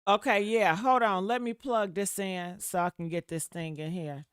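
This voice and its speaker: A woman's voice: medium pitch, fairly even intonation, moderate pace, smooth, no echo, clean studio sound. A woman giving blunt, profane, sassy commentary on a livestream, calling her listeners honey. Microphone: desktop mic.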